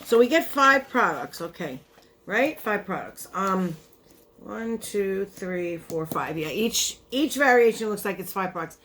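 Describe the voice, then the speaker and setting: A woman's voice: mid-range voice, lively intonation, measured pace, fairly bright tone, a little hiss or hum. A young woman vlogger chatting casually through a beauty box unboxing, tired, her voice giving out, rambling and cutting herself off. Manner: chatty, rambling, self-interrupting.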